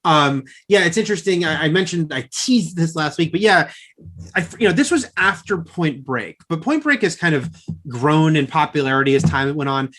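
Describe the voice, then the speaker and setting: A man's voice: a little high, lively intonation, moderate pace, fairly bright tone. A man with a Californian accent co-hosting a podcast, chatting casually about movies, hedging and correcting himself often and laughing easily. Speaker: podcast co-host.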